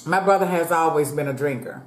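A woman's voice: deep voice, brisk. A woman in her fifties chatting casually with viewers while she eats, calling them "y'all" and praying aloud. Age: 50s. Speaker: food vlogger. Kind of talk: casual eating chat to viewers. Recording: echoey room.

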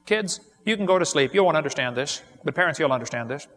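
A man's voice: on the high side, expressive, quick pace, fairly bright tone. A man preaching a sermon in a folksy, joking way, then giving a plain gospel appeal. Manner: folksy storytelling, laughs at his own jokes. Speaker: evangelist preacher. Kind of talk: sermon with jokes and altar call.

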